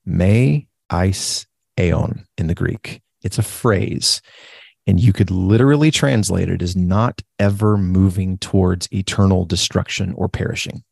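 A man co-hosting a casual Bible study discussion, enthusiastic and animated, often repeating his agreement. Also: deep voice, unhurried, gravelly, slightly rough, no echo, studio quality.

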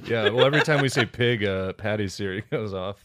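A man's voice: lowish voice, brisk, a bit bright. A young man co-hosting a comedy podcast, telling a story and making crude jokes in casual chat. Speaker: podcast co-host.

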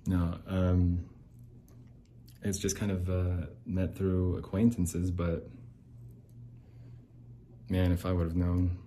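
A man with a low, mellow voice delivers a casual podcast monologue. He rambles and restarts often, and his tone turns sarcastic and bitter. A faint hiss sits under the recording. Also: completely flat delivery, takes it slowly, pauses often. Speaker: podcast host.

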